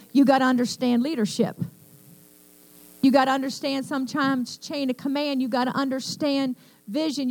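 An older woman pastor delivers a sermon with a high-pitched voice. She talks to the congregation with call-and-response asides and asks them for amens. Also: gravelly, low-quality recording.

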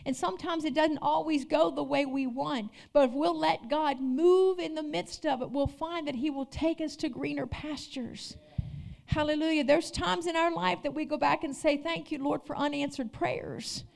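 A woman pastor delivers a sermon in a high voice. She calls out to her congregation and moves between loud, fervent declarations and hushed, intimate storytelling. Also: normal speed, creaky. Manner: preaching with call-outs, rising and dropping intensity.

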